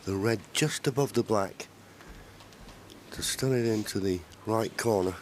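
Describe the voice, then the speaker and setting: A man with a low voice commentates live on a snooker match. He talks calmly through the angles and positional play, explaining each shot as it unfolds, with a faint hum in the background. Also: measured pace. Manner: calm explanatory shot analysis.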